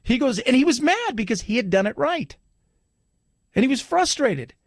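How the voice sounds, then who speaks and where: Male American talk radio host, animated storyteller, bright high voice, keeps restarting sentences. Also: moderate pace, no echo, studio quality. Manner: chatty storyteller, lots of restarts and "he goes".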